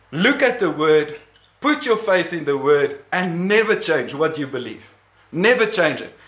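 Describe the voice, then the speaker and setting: A man's voice: sits high, fairly bright tone, reverberant. A man preaching a sermon, emphatic, repeating key words and chuckling between points.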